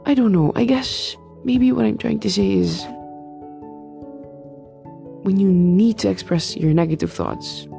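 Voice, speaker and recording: A woman's voice: mid-range voice, measured pace, vocal fry, long pauses, mellow, faint music behind. A woman in her twenties, a medical student, telling a story in a casual vlog, rambling and emphatic with many fillers and restarts.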